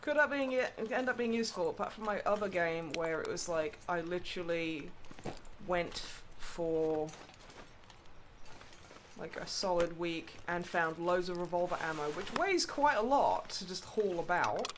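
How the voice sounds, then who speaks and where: A woman streaming a video game in casual chat, expressive and quick to swear in outbursts. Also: on the low side. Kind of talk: casual gaming livestream chat. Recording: home mic with clear background noise.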